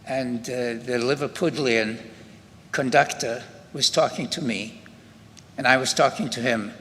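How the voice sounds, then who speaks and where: An older Scottish man with a Scottish accent, a Holocaust survivor, gives personal testimony at a memorial ceremony in a medium-pitched, fairly bright voice. He speaks unhurriedly and haltingly, often restarting his sentences. Long hall reverb and faint ambient noise surround him.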